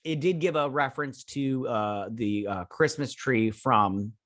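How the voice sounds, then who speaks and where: A man's voice: mid-range voice, a little slow, fairly bright tone, no room sound, clean studio sound. Rambling, chatty male show host. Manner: rambling, filler-heavy retelling; enthusiastic, chuckles often. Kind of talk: casual episode recap and review.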